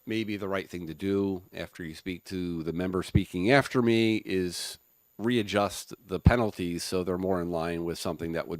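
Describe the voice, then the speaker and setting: A man giving committee testimony in a halting way, restarting often, as he loses his voice. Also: low voice, no echo. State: losing his voice. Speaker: legislator testifying. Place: legislative hearing room.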